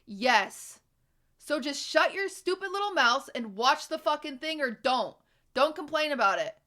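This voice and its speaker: A woman's voice: sits high, expressive, measured pace, bright, forceful tone. A young woman streamer ranting at her live chat, exasperated and profane, hammering her points home.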